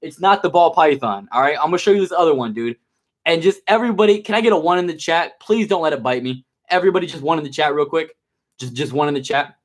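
Streamer dude, kinda high voice, super casual, says bro a lot, nervous coaxing around a snake. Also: male voice, quick pace. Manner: laid-back and slangy, calls everyone bro and dude. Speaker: live streamer. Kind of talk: casual live-stream chat.

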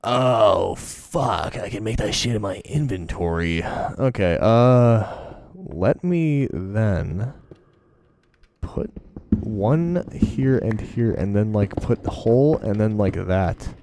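Gravelly low-voiced man swearing through gameplay. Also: animated, slow pace, a little mellow. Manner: profane, rambling, self-mocking. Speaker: gaming video host. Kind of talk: casual game commentary.

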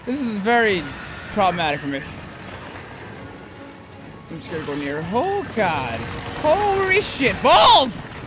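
A man's voice: big pitch swings, slow, long pauses. Yelping, swearing gamer man. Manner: swears often, swings from low grumbling to high yelps. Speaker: gameplay commentator. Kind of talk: let's-play commentary. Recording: game music loud behind voice.

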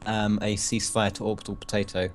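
A man's voice: on the low side, little pitch movement, fast, a little hiss or hum. A young man co-playing a strategy game, chatting casually and hesitantly with many ums and restarts. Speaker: co-player. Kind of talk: casual gaming chat.

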